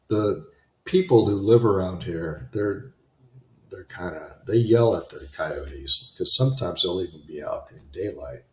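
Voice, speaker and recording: This self-help talk host speaks in a low voice with lively intonation at normal speed, in an echoey room. His motivational talk is unscripted, rambling and chatty, with many restarted sentences.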